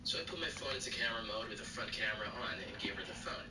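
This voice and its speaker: A man's computer-generated voice reading short stories aloud in a flat, even way. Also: lowish voice, very fast. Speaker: story narrator. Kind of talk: text-to-speech reading of bartender stories. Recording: echoey, distant, noisy.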